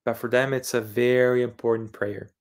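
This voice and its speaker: A man's voice: mid-range voice, flat delivery, moderate pace. A man from Eastern Europe holds forth on his livestream in a mid-range voice. He repeats key words several times over as he explains them, pressing each point insistently. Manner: insistent lecturing tone. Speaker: channel host. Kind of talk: livestreamed religious monologue.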